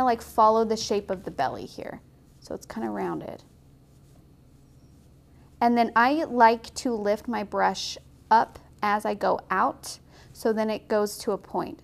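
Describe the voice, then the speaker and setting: Chatty woman teaching watercolor, gravelly voice. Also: a little high. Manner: chatty, encouraging, laughs often. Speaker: watercolor instructor. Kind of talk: casual painting tutorial.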